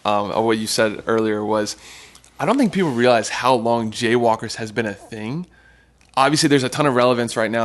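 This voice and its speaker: A man hosting a podcast interview in an affirming, easygoing way. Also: on the low side. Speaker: podcast host. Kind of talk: casual interview.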